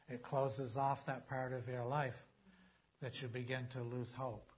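A man preaching a sermon as a pastor, emphatic, slowing down to read scripture aloud. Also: mid-range voice, slightly rough.

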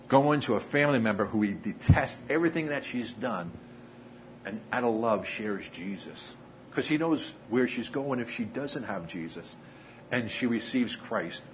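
A man preaching a sermon, telling stories earnestly with frequent pauses and acted-out dialogue. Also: mid-range voice, a little hiss or hum, low-quality recording. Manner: earnest, pauses often, acts out quoted dialogue. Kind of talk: sermon storytelling.

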